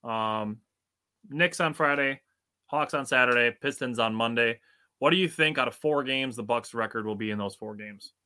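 A young man from Wisconsin co-hosts a sports podcast in easygoing chat. His voice is bright and forward, and he fills his talk with "dude" and "like." He sits in the middle of the usual male pitch. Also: moderate pace, clear, resonant tone. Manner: laid-back and chatty, with frequent "dude" and "like". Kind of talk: casual chat.

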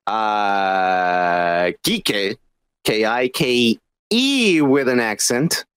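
A man co-hosting a casual podcast, talking in a profane, laughing, animated way. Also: lowish voice, drawn-out words, clean tone, dry recording. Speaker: podcast co-host. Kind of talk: casual drinking chat.

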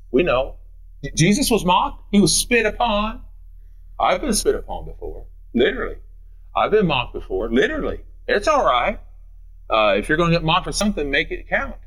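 A man preaching a sermon as pastor, emphatic and repetitive, swinging between loud declarations and hushed asides. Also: mid-range voice, husky, rough recording. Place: church.

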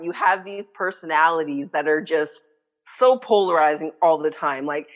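Canadian woman ranting about sports, opinionated, lots of likes, muffled lo-fi sound. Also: on the low side. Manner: opinionated, emphatic, lots of "like" fillers. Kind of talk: casual sports chat. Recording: dull lo-fi audio.

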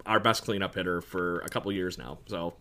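A man's voice: deep voice, steady tone, a little fast, bright, forceful tone. A man hosting a casual sports podcast, joking and laughing often as he rambles through his points. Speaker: podcast host.

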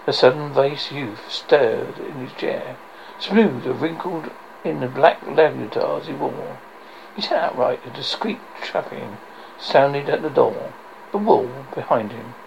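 A man's voice: medium pitch, expressive, slow pace, creaky, highs cut off, slight background noise. A man reading a novel aloud in a dramatic way, with occasional slips and restarts. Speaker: reader.

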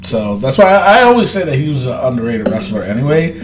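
A man hosting a casual wrestling podcast, talking loudly and excitably and laughing often. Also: medium pitch, quick pace, roomy sound, slight background noise. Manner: loud, excitable, laughs a lot. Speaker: podcast host.

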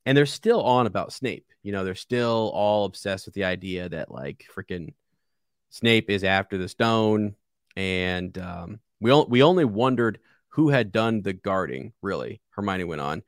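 A man's voice: on the low side, lively intonation, measured pace, dry recording, studio quality. A man co-hosting a casual podcast about a book, enthusiastic and rambling with many restarts. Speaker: podcast co-host.

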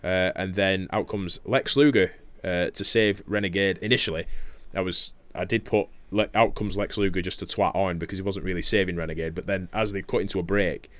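A man's voice: deep voice, steady tone, fairly quick, a bit bright, no echo. A young man, recapping wrestling matches in casual podcast chat, swearing freely, laughing often and trailing off with filler words. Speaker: podcast co-host reviewing wrestling.

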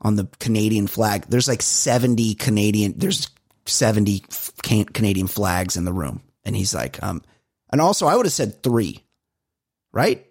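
A man co-hosting a podcast in casual chat, ranting in an animated way and swearing often. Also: fairly low pitch, moderate pace, gravelly, slightly rough, dry recording, studio quality. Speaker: podcast co-host.

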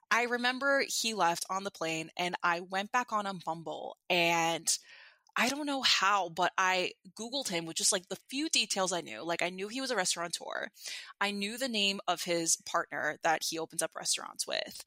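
Chatty young woman, bright tone. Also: medium pitch, animated, normal speed, dry recording. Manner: chatty, uses many fillers like "like" and "you know". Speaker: guest. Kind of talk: casual chat, personal storytelling.

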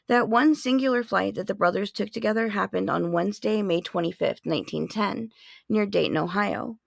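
A woman in her forties hosts a podcast, sharing history facts in a playful, chatty monologue sprinkled with sarcastic asides. Her medium-pitched voice is gravelly and moderately paced, recorded dry with clean studio sound.

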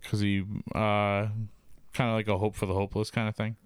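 A man's voice: on the low side, level tone, fairly quick, smooth, dry recording, studio quality. A man co-hosting a podcast in casual chat, mostly giving short, agreeable replies. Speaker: podcast co-host.

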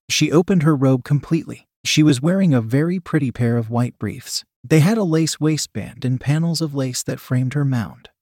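A man narrating a first-person story with a steady, even reading manner. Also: medium pitch, no room sound, clean studio sound.

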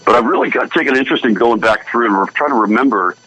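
Husky-voiced man telling stories. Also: medium pitch, racing, pushed and bright, low-quality recording. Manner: easygoing storyteller, laughs often. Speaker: guest musician. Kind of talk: casual radio chat.

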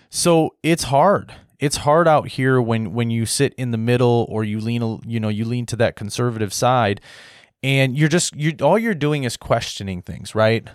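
A man's voice: lowish voice, no echo, studio quality. An American man hosting a podcast, ranting casually with lots of repetition and tag questions. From United States. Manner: repetitive, keeps asking "right?"; restless, frequent restarts. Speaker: podcast host. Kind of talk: casual political rant.

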